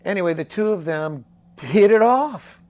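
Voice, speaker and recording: A man in his sixties, a songwriter guest telling a story in a casual interview, animated and acting out the voices of people he quotes. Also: high-pitched, moderate pace. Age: 60s.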